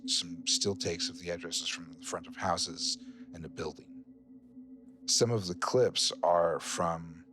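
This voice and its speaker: A man running a horror tabletop game as game master, narrating slowly and sometimes dropping to a whisper. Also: low-pitched. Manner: slow, hushed narration that drops to a whisper.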